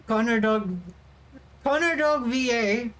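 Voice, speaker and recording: A woman's voice: a little high, animated, slow, a bit bright, poor audio. A young adult woman livestreaming as a VTuber, chatting casually and giggling as she reads and answers her viewers' messages.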